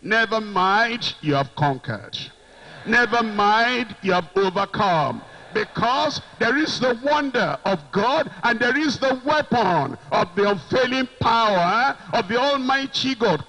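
A man preaching a sermon, slow and emphatic, repeating phrases and shouting out quoted lines. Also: sits high, creaky, low-quality recording.

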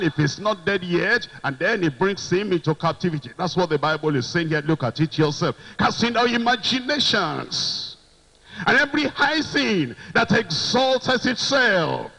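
Slow, gravelly high-voiced male preacher. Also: poor audio. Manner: slow emphatic preaching with repeated phrases and shouted quotes. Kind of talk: sermon.

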